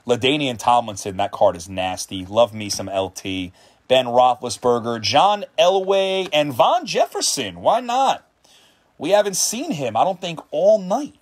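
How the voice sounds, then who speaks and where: A tired, hungry man deep into a long livestream hosts a trading card break, chatting casually as he names players and bursting into excited shouts at big pulls. His voice is medium in pitch.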